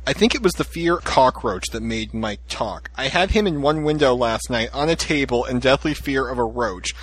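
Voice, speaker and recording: A man's voice: mid-range voice, animated, moderate pace, slightly rough, poor audio. A man hosting a podcast, teasing his co-hosts and reading out listener messages in casual chat. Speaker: podcast host.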